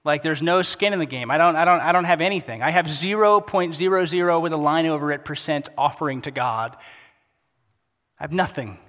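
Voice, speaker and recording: A pastor preaching a sermon in a casual, conversational way, dropping to a soft, quiet voice for emphasis. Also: male voice, on the high side, brisk. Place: church sanctuary. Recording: long hall reverb.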